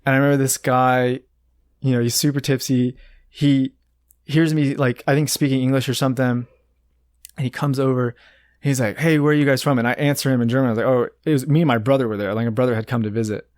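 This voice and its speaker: A young American man in his twenties, chatting casually and telling rambling, animated stories full of fillers. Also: medium pitch, fast talker, dry recording, studio quality. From United States. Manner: rambling, animated storyteller with many restarts and "like" fillers. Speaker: guest. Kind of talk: casual storytelling chat.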